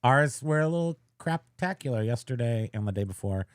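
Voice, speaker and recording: Guy cohosting a chill podcast, rambly and jokey, mid pitch, dry close mic. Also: expressive, brisk, dry recording. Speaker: podcast co-host. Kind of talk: casual livestream chat.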